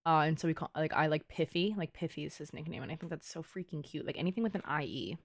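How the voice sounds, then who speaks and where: A woman's voice: low-pitched, quick pace. Chatty playful young woman streamer. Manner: chatty and playful, teasing her chat, frequent "like". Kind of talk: casual live-stream chat.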